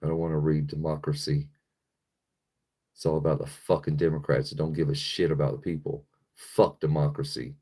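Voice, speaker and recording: A man's voice: very deep voice, level tone, brisk, dark tone, breathy edge. An American man hosting a livestream, ranting angrily and profanely while reading chat. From United States. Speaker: livestream host. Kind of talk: live-stream rant reading chat.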